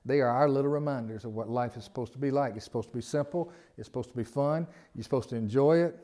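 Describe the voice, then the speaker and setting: Speaking quickly in a warm, mid-range voice, a Southern-accented pastor delivers his sermon. The style is homespun and chatty, full of repeated phrases and side remarks.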